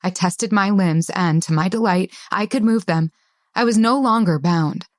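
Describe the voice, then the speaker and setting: A woman narrating an audiobook in a tense, measured first-person style. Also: mid-range voice, dry recording, studio quality.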